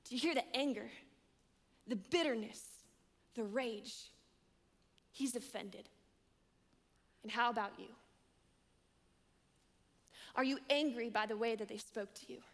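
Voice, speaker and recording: A woman preaching as a young adult director, emphatic, repeating her key lines and swinging between loud and hushed. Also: a little high, slow pace, long pauses. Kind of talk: sermon. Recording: long hall reverb.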